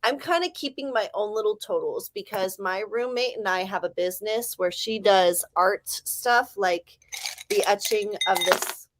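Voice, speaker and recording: A woman's voice: medium pitch, measured pace, a little hiss or hum. A woman in her forties with an Ohio accent and a slight lisp, hosting a casual writing-sprint stream in a chatty, rambling, self-deprecating way. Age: 40s. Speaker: livestream host.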